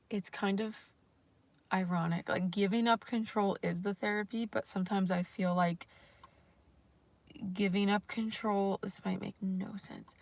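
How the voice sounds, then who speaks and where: A woman's voice: medium pitch, fairly even intonation, a little slow, long pauses, no echo. A woman vlogger talking casually on a livestream, rambling and self-conscious, with lots of fillers and the odd swear word.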